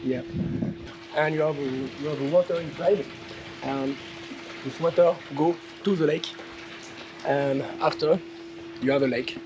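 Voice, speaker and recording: A man's voice: a little high, fairly even intonation, unhurried, long pauses, dull audio. A man with a French accent filming a casual travel vlog outdoors, chatting in hesitant, broken English. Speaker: travel vlogger. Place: outdoors at a salt lake.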